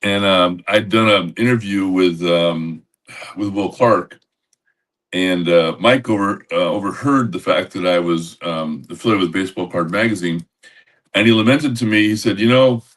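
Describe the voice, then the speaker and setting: An older man co-hosting a podcast, telling a rambling anecdote with lots of halting restarts over a video call. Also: deep voice, fairly bright tone, recorded from a distance. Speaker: podcast co-host. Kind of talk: casual storytelling.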